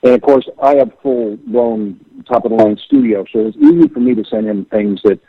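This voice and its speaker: Middle-aged male musician guest, gravelly and husky, phoned in on a thin line, storyteller who plays out the quoted voices. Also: medium pitch, fairly quick, dry recording. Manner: animated, acts out quoted voices. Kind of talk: storytelling interview over the phone. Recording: tinny phone line, dry.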